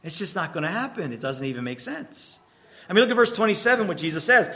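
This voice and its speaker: Preaching to his congregation, this man has a high-leaning, bright, forceful voice that swings widely in pitch. He poses fill-in-the-blank questions, then hammers his main points with sudden emphasis and deliberate, slowed repetition.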